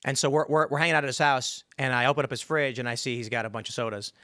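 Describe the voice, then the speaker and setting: A man from Chicago, co-hosting a casual studio talk show, telling animated stories and acting out other people's voices. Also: medium pitch, rapid-fire, dry recording. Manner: animated storyteller, acts out voices. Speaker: podcast co-host. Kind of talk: casual panel chat.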